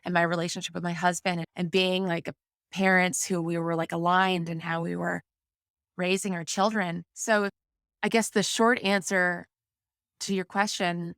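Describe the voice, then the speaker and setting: A woman in her forties, appearing as a podcast guest, speaks candidly about parenting and sobriety in a conversational interview, rambling with lots of restarts and fillers. Her voice sits on the low side, with a level tone and normal speed, fairly bright, clear and resonant. The recording is dry and has a clean studio sound.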